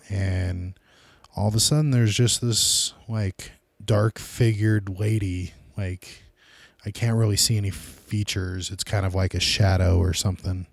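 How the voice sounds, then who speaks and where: A man's voice: on the low side, gravelly, darkish tone, dry recording. A man hosting his own podcast, rambling loosely and casually in a solo monologue. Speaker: podcast host.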